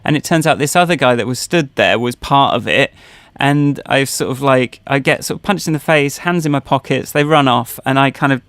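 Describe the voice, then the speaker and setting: A man's voice: medium pitch, a little fast, few pauses, fairly bright tone, smooth, no echo. A man co-hosting a podcast, telling personal stories in casual chat, rambling with many fillers and restarts. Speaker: podcast co-host.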